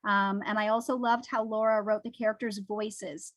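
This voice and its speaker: A woman's voice: medium pitch, flat delivery, moderate pace, no echo. A librarian interviewing an author, a friendly, encouraging woman who reads out a teen's comments over a video call. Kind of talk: casual interview.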